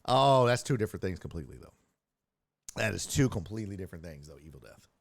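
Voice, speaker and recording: A man's voice: deep voice, expressive, quick pace, creaky, no room sound, clean studio sound. A man hosting a casual streamed sports talk show, joking profanely and reacting to chat messages. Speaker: host.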